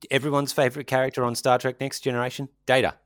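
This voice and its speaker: A man's voice: mid-range voice, flat delivery, fast, no echo, studio quality. A man chatting casually as a podcast co-host, rambling and joking, often trailing off mid-sentence. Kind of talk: casual chat.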